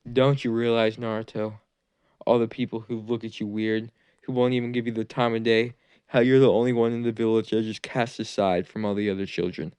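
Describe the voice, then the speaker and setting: A man's voice: on the low side, flat delivery, fairly quick, a little mellow, smooth, dry recording, natural voice. A man voicing a scheming, treacherous male ninja teacher who taunts and gloats, in a fan-made anime story. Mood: taunting.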